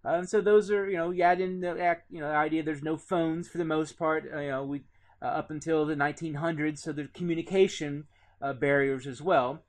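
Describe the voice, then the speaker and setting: A man's voice: fairly high pitch, fairly even intonation, fairly quick. An American man giving a casual recorded geography lecture, with many fillers and restarts. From United States. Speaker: teacher.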